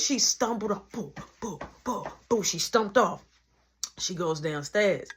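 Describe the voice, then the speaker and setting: Male comedic storyteller; husky, lively pitch. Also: slow pace. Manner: animated, acts out every voice.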